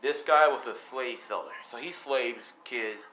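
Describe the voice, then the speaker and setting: Guy telling a fan story off the cuff, bright voice, rambly, faint noise behind. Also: mid-range voice, measured pace, low-quality recording. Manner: rambling, many fillers like "you know" and "as". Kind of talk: casual improvised story narration.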